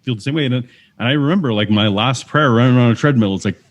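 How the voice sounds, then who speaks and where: Earnest Canadian man, mid-pitched. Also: fast talker. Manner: earnest and searching, with frequent restarts. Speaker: podcast guest. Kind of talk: candid conversational interview.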